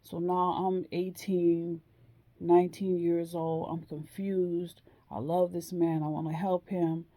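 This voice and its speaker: A woman telling a personal story in a slow, hesitant way, with frequent pauses and ums. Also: lowish voice, flat delivery, warm tone. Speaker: vlogger.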